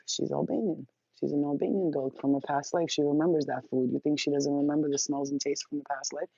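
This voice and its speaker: A woman's voice: sits low, steady tone, fast, gravelly, mellow, breathy edge, no echo, dull audio. Crude, laughing woman vlogger. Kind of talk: casual rambling monologue.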